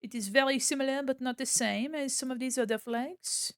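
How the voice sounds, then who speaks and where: A woman's voice: high-pitched, fairly quick, no echo, clean studio sound. A young woman streaming as she draws, chatting casually in a playful manner, laughing often and swearing freely. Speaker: streamer and illustrator. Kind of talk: casual chat while drawing on stream.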